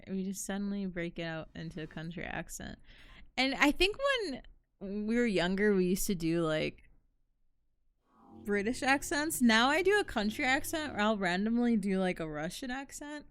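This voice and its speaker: A woman's voice: mid-range voice, expressive, normal speed, fairly bright tone, clean tone. A young woman chatting casually and rambling while she plays and comments on a horror game. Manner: chatty, rambling, self-deprecating. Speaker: streamer.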